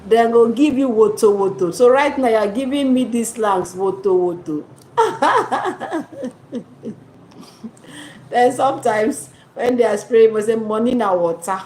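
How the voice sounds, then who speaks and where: Nigerian woman, vlogger, unhurried casual chat, laughs a lot, echoey room. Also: medium pitch, darkish tone. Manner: laughs often, drops into Nigerian Pidgin slang.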